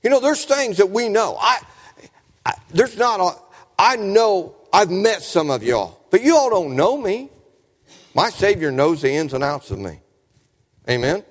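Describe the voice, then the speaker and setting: Folksy preacher, lively voice. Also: male voice, high-pitched, a little slow. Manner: folksy storytelling preaching, asks the congregation questions. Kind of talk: sermon. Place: church sanctuary. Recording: reverberant church hall.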